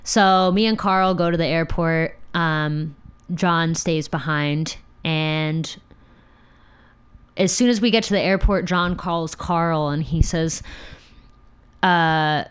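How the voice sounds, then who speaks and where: Brief: low, smooth-voiced young woman, candid storyteller, swears freely. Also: takes it slowly. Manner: frank and profane, with laughs. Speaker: podcast host telling her own story.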